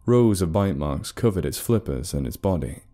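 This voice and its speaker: A deep, mellow male voice tells a dark story. He reads at a measured, dramatic pace. Faint background music plays beneath him. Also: lively intonation. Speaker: narrator. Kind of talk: scripted story narration.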